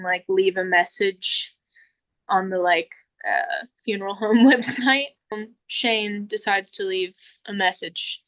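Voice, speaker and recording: Young woman podcast host, bright voice, chatty storytelling, does the voices. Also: medium pitch. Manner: animated storyteller, acts out quoted voices, laughs often. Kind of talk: casual storytelling chat.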